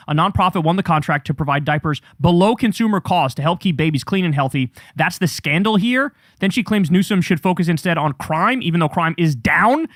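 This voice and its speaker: Angry, profane man ranting with a high voice. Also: no echo, studio quality. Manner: reads quoted posts aloud then reacts. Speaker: political commentary host. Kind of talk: ranting political commentary.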